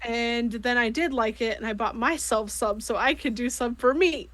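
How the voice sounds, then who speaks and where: A chatty woman with a Midwestern accent, talking casually while she knits on a livestream. Her voice sits a bit high and the sound is close and dry, with no room around it. She swears easily in the middle of relaxed chat. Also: moderate pace, dry recording. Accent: Midwestern American. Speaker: co-host.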